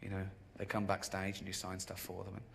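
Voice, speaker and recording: Man doing deadpan stand-up. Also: brisk, vocal fry, a little hiss or hum. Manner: deadpan storytelling with sudden high-pitched outbursts. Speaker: stand-up comedian. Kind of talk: stand-up routine. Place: large live stage.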